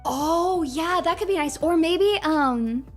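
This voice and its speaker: Giggly high-voiced woman streamer. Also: slow pace, soft background music. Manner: giggly, animated storytelling. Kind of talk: casual chat.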